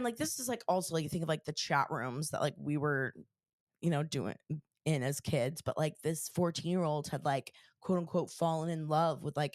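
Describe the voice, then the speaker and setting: A woman's voice: sits low, no echo, studio quality. A woman co-hosting a podcast in casual chat, retelling stories with lots of "like" fillers. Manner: chatty, many "like" fillers, animated retelling. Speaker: podcast co-host.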